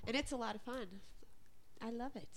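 High-voiced teasing woman co-host. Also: fairly even intonation, a little fast, heavy background noise. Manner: playful teasing, laughs often. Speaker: podcast co-host. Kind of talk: casual podcast chat.

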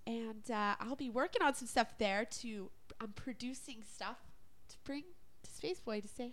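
A woman's voice: a little high, normal speed, fairly bright tone. A woman co-hosting a podcast in casual chat, playfully teasing her co-host and laughing often.

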